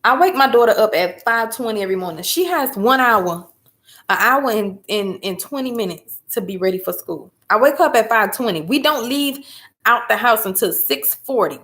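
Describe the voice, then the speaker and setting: Woman gabbing casual, fairly high voice, really emphatic storyteller. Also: expressive, normal speed, fairly bright tone. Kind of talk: casual chat.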